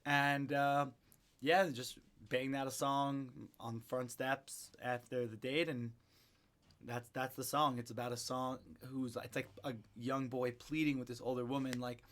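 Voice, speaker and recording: A young man in his twenties, an independent musician chatting in an interview and telling an animated story, acting out what people said. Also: medium pitch, a little slow.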